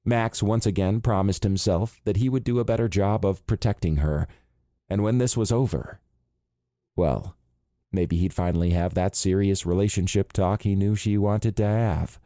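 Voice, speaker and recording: Deep low man reading an audiobook, calm and measured, mellow tone. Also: no room sound, clean studio sound. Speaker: audiobook narrator. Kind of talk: scripted narration.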